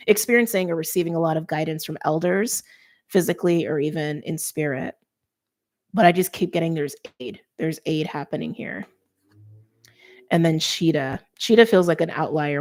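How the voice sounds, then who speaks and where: A woman doing an intuitive tarot card reading, speaking softly and earnestly and letting her emotions show. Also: sits low. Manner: soft, earnest, openly emotional. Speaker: tarot reader.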